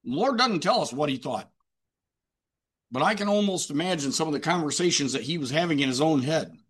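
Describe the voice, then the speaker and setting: A man's voice: fairly high pitch, expressive, a little fast, a bit bright, breathy edge. A man preaching a sermon emphatically, with rhetorical questions and repetition.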